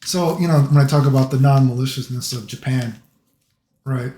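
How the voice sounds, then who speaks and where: A middle-aged American man talks in a loose, rambling monologue, leaning on filler phrases again and again. His voice sits at an ordinary middle pitch. The room around him rings with noticeable echo. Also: fairly even intonation, moderate pace, mellow. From United States. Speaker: vlogger.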